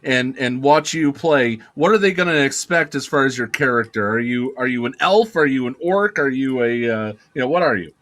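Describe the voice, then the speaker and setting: A man hosting a podcast, asking chatty questions full of quick restarts. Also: medium pitch, expressive, fairly bright tone. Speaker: podcast host. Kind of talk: casual interview chat.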